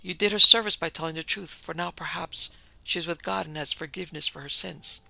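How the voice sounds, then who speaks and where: A man voicing an old parson, pious and stern, speaking low and gently. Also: steady tone, fairly quick, vocal fry, heavily acted. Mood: gentle. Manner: low, gentle, soft-spoken.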